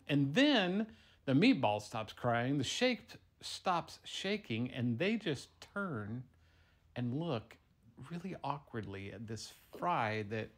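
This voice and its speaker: A man improvising a playful story for a child, moving from hushed tones to excited bursts. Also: medium pitch.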